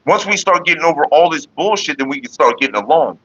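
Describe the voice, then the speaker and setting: A man's voice: fairly high pitch, animated, fast talker, fairly bright tone, husky, no room sound, muffled recording. A man hosting a casual livestream, talking bluntly and profanely straight to his viewers. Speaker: livestream host.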